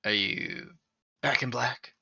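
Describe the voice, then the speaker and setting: A man's voice: medium pitch, slow pace, creaky, pushed and bright, husky, dry recording, lo-fi sound. A man running a tabletop game as game master, chatting casually and muttering and humming to himself as he sets things up. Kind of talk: casual chat while setting up a tabletop game.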